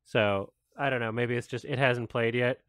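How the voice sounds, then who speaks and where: A man hosting a casual reaction video, laughing often, swearing and breaking into loud excited exclamations between quieter musings. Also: mid-range voice, moderate pace, clear, resonant tone, dry recording, studio quality.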